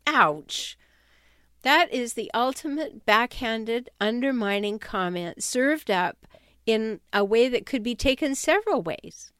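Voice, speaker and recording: A woman speaking as a self-help author, talking straight to her listeners with a wry, no-nonsense edge. Her voice is smooth and resonant, and the recording is close and dry with no room sound. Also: fairly high pitch, animated, takes it slowly, a bit bright, no echo. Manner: wry, direct, with uneasy laughs. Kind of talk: conversational talk to camera or listeners.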